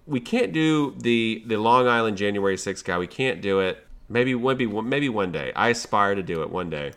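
A man's voice: on the low side, animated, moderate pace, fairly bright tone. A man co-hosting a podcast, chatting casually about movie trailers with jokey, sarcastic asides. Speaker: podcast co-host.

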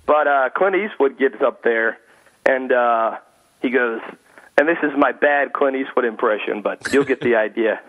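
A man calling into a radio show as a guest, telling stories in an animated, chatty way. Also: medium pitch, normal speed. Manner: animated storyteller, frequent "you know" fillers. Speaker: guest speaker and comedian. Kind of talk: casual radio interview. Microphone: phone call-in. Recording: tinny phone line.

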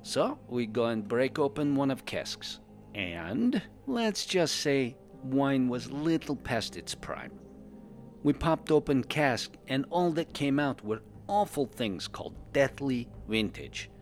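A man's voice: mid-range voice, expressive, slow pace, faint music behind. A man voicing a cheerful male pandaren adventurer, a doting husband who tells his story in broken English with dropped articles. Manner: broken English, drops articles and verb endings. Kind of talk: in-character fan podcast storytelling.

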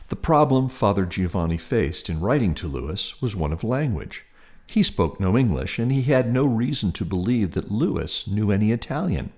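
Deep-voiced older male podcast host. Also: big pitch swings, moderate pace, a little mellow. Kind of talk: scripted narration and interview.

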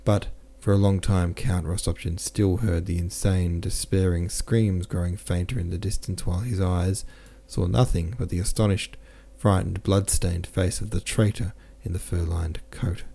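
A man reading a classic novel aloud as the narrator, steady and unhurried, now and then correcting a slip. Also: sits low, creaky, slightly rough. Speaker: audiobook narrator. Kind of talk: scripted narration.

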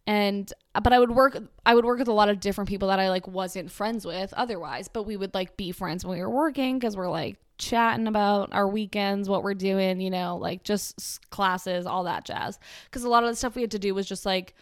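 A woman's voice: medium pitch, a little fast, no echo, clean studio sound. A woman in her twenties ranting casually and sarcastically, rambling with lots of fillers.

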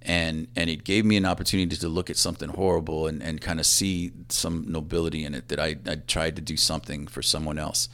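A man in his fifties, a police assistant chief, telling a personal story in a halting, reflective way that often trails off quietly. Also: extremely low pitch, level tone.

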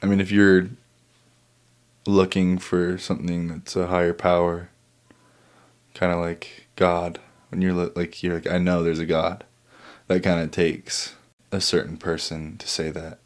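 Deep-voiced male interviewer, casual. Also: completely flat delivery, measured pace.

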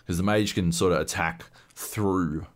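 A man's voice: low voice, steady tone, a little slow. A man co-hosting a podcast in casual chat, rambling and swearing, full of fillers and restarts. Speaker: podcast co-host. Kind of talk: casual chat about games.

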